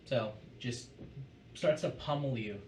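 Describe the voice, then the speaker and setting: A man as game master, calmly calling out attack rolls and damage numbers and describing the blows. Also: medium pitch, slow, slight background noise. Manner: methodical, calls out dice rolls and damage numbers. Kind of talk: running a tabletop game. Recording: roomy, distant mic with music behind. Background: music.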